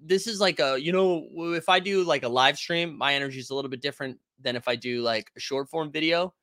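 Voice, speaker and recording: A young adult man hosting a casual basketball live stream, talking loud and animated and answering the chat. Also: fairly high pitch, fast talker, no room sound, clean studio sound. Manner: loud, animated, yells often; reads and answers chat comments.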